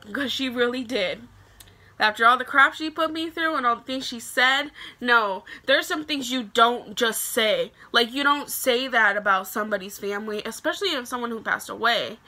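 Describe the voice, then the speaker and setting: A young woman with a very bright, sharp voice pitched a little high. She chats to her camera in a loose, animated storytime style and keeps dropping "like" between phrases. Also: normal speed. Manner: chatty and animated, heavy use of "like" fillers. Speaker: vlogger telling a story.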